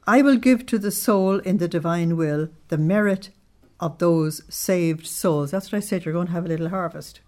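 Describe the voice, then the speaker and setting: A woman's voice: on the low side, dark tone. Emphatic woman leading devotional study. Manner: emphatic, slows down to stress key words; asks listeners to check their understanding. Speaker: religious study group leader. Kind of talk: devotional teaching with readings aloud.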